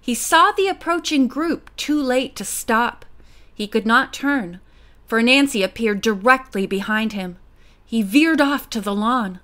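A woman narrating a mystery audiobook with a lively, expressive reading. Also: fairly high pitch, measured pace.

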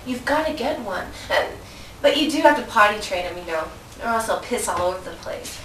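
Woman, comedic sales pitch, playful; roomy distant recording with faint hiss. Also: lively intonation, fairly quick, fairly bright tone. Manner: playful, mock-sales patter, laughing. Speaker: comedic infomercial presenter.

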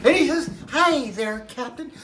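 A woman's voice: high voice, expressive, unhurried, a bit bright. A woman voicing a boastful old male pirate captain who spins a rambling, theatrical yarn in a comedy sketch. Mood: excited. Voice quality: gravelly.

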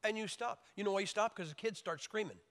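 A man preaching a sermon in an emphatic, joking way, now and then mimicking wailing babies with high shouts. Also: quick pace. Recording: long hall reverb.

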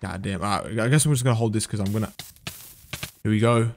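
A man giving live gameplay commentary, excitable and swearing under his breath, with sudden gasps and outbursts. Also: lowish voice, fast, a little hiss or hum. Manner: mutters to himself, swears when frustrated. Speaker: gaming video creator.

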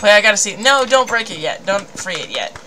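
A woman's voice: mid-range voice, very animated, a little fast, sharp tone, a little hiss or hum, poor audio. A woman chatting casually while playing a game, giggly and rambling, often laughing at herself. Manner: giggly, rambling, self-deprecating. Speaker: gamer. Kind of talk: casual gameplay chat.

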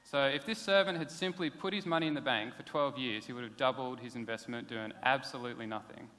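A pastor, preaching a sermon in a casual, conversational way. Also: male voice, mid-range voice, fast, sharp tone. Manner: conversational, plain-spoken preaching with casual asides. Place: church hall. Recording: long hall reverb.

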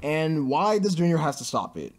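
A man with a slightly high voice rants through a cartoon review. His delivery is sarcastic and exasperated, mocking each scene as he goes. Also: big pitch swings, moderate pace.

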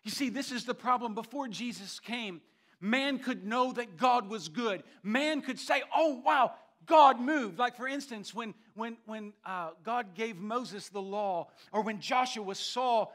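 A male pastor with a high, bright voice preaches in a church sanctuary. He hammers key phrases, stumbles and repeats words as he builds, then falls to slow, hushed lines. The tone is forceful and ringing. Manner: emphatic preaching with frequent repetitions and restarts; swings between loud emphasis and hushed, slowed phrases. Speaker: senior pastor. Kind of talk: sermon.

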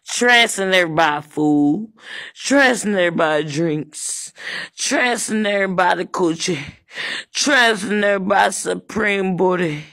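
A woman hosting a crude, improvised comedy roast, taunting and insulting in a drawl and breaking into shouts. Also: lowish voice, measured pace, no echo. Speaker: comedic host.

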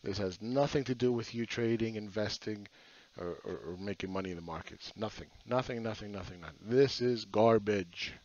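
A man's voice: on the low side, fairly quick, hardly any pauses, darkish tone. A middle-aged man giving blunt, profane, mocking chart commentary in a casual way. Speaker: market commentator. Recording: dull lo-fi sound.

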